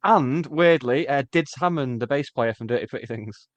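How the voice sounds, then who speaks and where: A man's voice: medium pitch, normal speed, no room sound, muffled recording. A man co-hosting a casual music podcast, with dry teasing quips. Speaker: podcast co-host.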